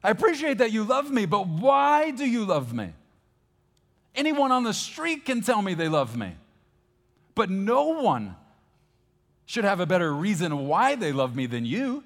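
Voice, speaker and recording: A man voicing an exasperated wife who demands to know why she is loved, in an emphatic, pleading tone. The voice is pitched well above his own. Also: very animated, measured pace, pauses often, fairly bright tone, heavily acted. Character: exasperated wife demanding reasons, adult woman. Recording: long church hall reverb, faint guitar.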